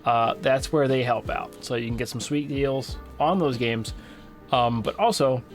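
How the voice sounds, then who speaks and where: A man co-hosting a gaming podcast, chatting loosely with lots of fillers and restarts. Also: mid-range voice. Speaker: podcast co-host. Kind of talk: casual chat.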